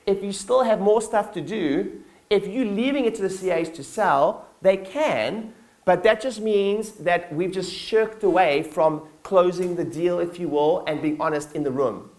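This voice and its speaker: A man giving a live keynote talk to his staff at a company conference, energetic and blunt, swearing casually and acting out little scenes. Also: sits high, a little slow. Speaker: business owner addressing his staff.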